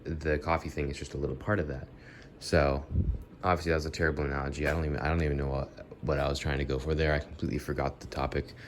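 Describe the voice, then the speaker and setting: A young male vlogger, sick with a cold, has a nasal, bass voice delivered flatly at a quick pace over slight background noise. He rambles through an unscripted monologue, correcting himself as he goes and speaking straight to his viewers.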